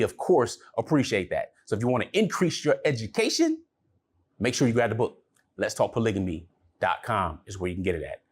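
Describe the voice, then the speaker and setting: A man's voice: fairly low pitch, husky. Conversational male relationship coach. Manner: storytelling, conversational, with religious phrases. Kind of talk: casual talk to camera.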